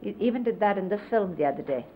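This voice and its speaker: A middle-aged woman casually reminiscing, explaining hand gestures in an unhurried, conversational way and often quoting others. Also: medium pitch, lively intonation. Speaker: interviewee recalling life with a spiritual teacher. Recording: lo-fi 1970s videotape, faint hiss.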